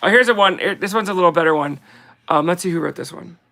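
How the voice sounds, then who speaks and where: A woman in a casual video, reading short holiday poems aloud slowly and sing-song, with chatty asides between them. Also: fairly low pitch, vocal fry, sharp tone. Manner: giggly, reads verses slowly and sing-song. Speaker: vlogger.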